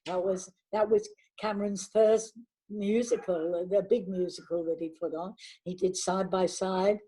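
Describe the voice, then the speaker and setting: An older woman, a veteran actress, chatting warmly in an interview and telling anecdotes from her career. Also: mid-range voice, fairly even intonation, measured pace, a little hiss or hum, rough recording. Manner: warm anecdotal, chatty with restarts. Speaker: actress guest. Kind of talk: reminiscing interview talk.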